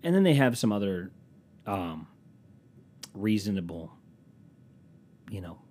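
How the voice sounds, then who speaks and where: A man's voice: low-pitched, sing-song, slow pace, a little mellow. A man telling comic stories as a podcast host in a profane, sarcastic, self-mocking casual rant. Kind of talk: casual comedic storytelling rant.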